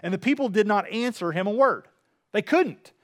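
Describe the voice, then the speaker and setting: A man preaching a sermon, retelling a scripture story with lively swings between loud emphasis and hushed reading. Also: high-pitched, moderate pace. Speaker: pastor.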